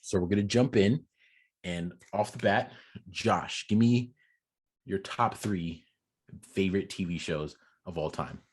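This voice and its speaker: Young male podcast host, low husky voice, playful banter. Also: a little slow. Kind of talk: casual chat.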